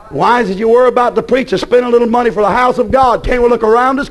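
A man preaching a fiery evening church sermon in a chanted, repetitive way with sudden shouted peaks. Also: very high voice, fairly even intonation, fast talker, hardly any pauses.

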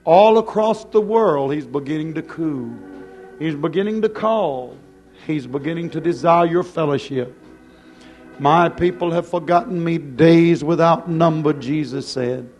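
A male preacher with a somewhat high voice drawing out every phrase at an unhurried pace. He pleads and exhorts with rising passion, and soft music plays faintly behind him. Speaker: pastor. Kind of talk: sermon.

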